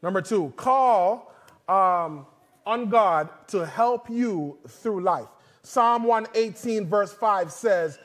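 A man with a fairly high voice preaches in a loose, conversational way. He tells stories from his own life and throws humorous asides to the congregation, then slows to read scripture aloud. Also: a bit bright. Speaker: father. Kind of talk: sermon.

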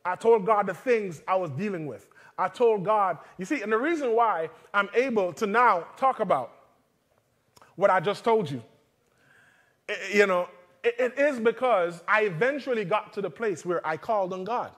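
A man with a fairly high voice preaches in a loose, conversational way. He tells stories from his own life and throws humorous asides to the congregation, then slows to read scripture aloud. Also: expressive, a bit bright. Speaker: father. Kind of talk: sermon.

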